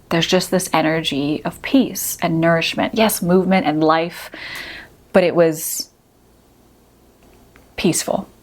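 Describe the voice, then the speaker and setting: Lower-voiced woman sharing a personal story. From United States. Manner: casual, with many fillers like "you know" and "like". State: teary at moments. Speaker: podcast host.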